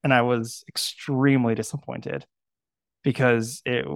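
A man's voice: medium pitch, little pitch movement, measured pace, creaky, no echo, clean studio sound. A man hosting a podcast, telling a story in casual chat with a wry, self-mocking manner. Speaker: podcast host.

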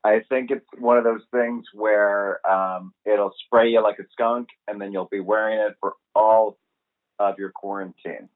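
A man's voice: fairly low pitch, fairly even intonation, a little slow. A man co-hosting a podcast in casual chat, wry and laid-back with dry jokes. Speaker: podcast co-host. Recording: tinny phone-like line.

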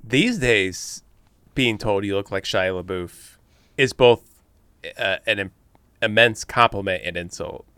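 A man's voice: fairly low pitch, measured pace, pushed and bright, clean tone, no echo. A man co-hosting a podcast in casual chat, jokey and teasing, and he swears freely. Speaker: podcast co-host.

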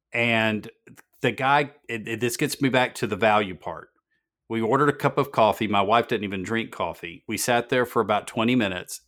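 A man's voice: fairly low pitch, fairly bright tone. A man hosting a business podcast, telling stories earnestly and repeating words for emphasis. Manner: earnest storytelling, emphatic repetition. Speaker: podcast host.

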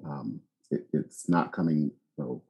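A man hosting a podcast, talking in a reflective, measured, casual way. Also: rumbling low, gravelly, dark tone, husky. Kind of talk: casual conversation.

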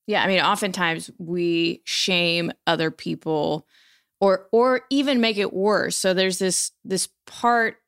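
A woman hosting a conversation, chatty and quick to laugh as she walks through a list of points. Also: fairly low pitch, fairly bright tone, clean tone. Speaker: host. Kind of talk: casual podcast conversation.

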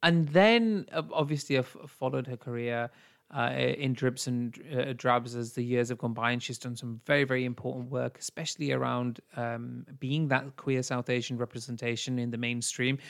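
A man co-hosting a laid-back podcast, speaking with a smooth, resonant clarity at a mid pitch. He is earnest and blunt, and swears freely. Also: steady tone, normal speed. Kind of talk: casual podcast chat.

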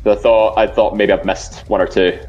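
A man's voice: on the low side, flat delivery, normal speed, darkish tone, dull audio, soft background music. A man on a quiz panel, joking and teasing the host in casual podcast banter. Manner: jokey and teasing.

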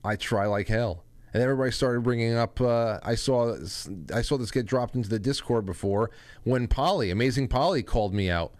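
A man's voice: mid-range voice, brisk, a little mellow, dry recording. A man hosting his own show, talking in a rambling, joking, self-deprecating way. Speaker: host. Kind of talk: casual monologue.

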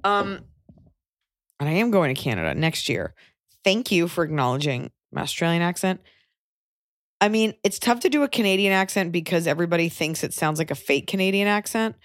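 Brief: woman podcast host, low voice, close dry mic, chatty and blunt. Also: sing-song, a little fast, dry recording. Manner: chatty, frank, joking asides. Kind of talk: casual podcast chat, advice.

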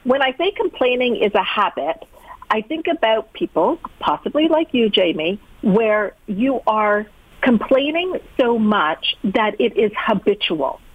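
A woman's voice: on the high side, lively intonation, measured pace, slightly rough, no echo. Emphatic woman coach on a phone line. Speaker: guest, peak performance coach. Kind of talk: interview answers. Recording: tinny, dry phone line.

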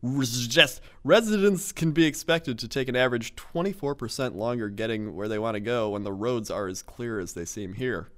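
A man's voice: mid-range voice, animated, fairly quick, few pauses. A man co-hosting a casual podcast, reading a ranked list aloud and joking, often laughing and slipping into goofy voices. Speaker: podcast co-host.

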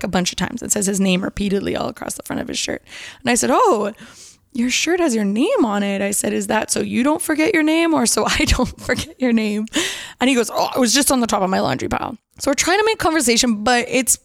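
A young woman casually telling a dating story, acting out both sides of the conversation with big pitch jumps. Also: fast talker, creaky, no room sound, studio quality. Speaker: storyteller recounting dates.

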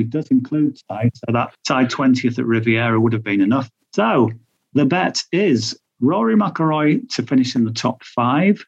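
Brief: mid-pitched male tipster, rambling and chatty, muffled lo-fi recording. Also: husky. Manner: chatty, thinks aloud with fillers and restarts. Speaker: betting tipster. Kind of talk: podcast chat.

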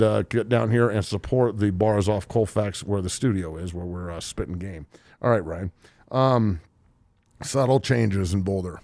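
A man's voice: fairly low pitch, moderate pace, darkish tone, no room sound. A man in his forties, talking casually about sports as a podcast host, heated, profane and emotional. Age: 40s. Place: studio.

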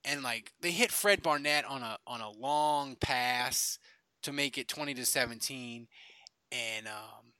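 A man's voice: medium pitch, measured pace, pushed and bright, smooth, no echo. A middle-aged man from Louisiana telling rambling sports stories in casual chat, full of fillers and restarts. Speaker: podcast co-host.

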